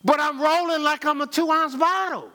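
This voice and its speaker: A man preaching a sermon in a folksy, conversational way, voice swinging high for emphasis and low for asides, with chuckles and repeated words. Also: steady tone, moderate pace, bright, forceful tone. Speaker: pastor.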